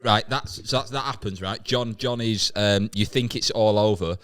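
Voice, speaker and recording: Low-voiced man riffing. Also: normal speed, a bit bright. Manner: chatty, often checks with "right?". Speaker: podcast co-host. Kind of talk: improvised comedy chat.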